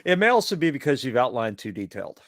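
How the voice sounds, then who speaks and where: A man chats on a writing podcast with a very lively, swooping delivery. He laughs often and swears casually. The sound is dry and close, with no room around him. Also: medium pitch, fast talker, no room sound. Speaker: podcast co-host; writer. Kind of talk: casual chat.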